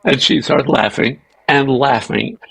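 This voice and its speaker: An older man, a guest actor, telling animated, salty anecdotes in an interview. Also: medium pitch, measured pace, gravelly, rough recording. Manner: animated raconteur, swearing. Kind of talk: anecdotal storytelling.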